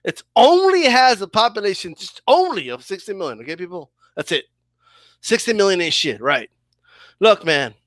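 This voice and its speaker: A man's voice: high-pitched, big pitch swings, moderate pace, fairly bright tone, dry recording. A man giving a heated boxing opinion rant as a commentator, fired up and repeatedly asking "okay?" and "right?".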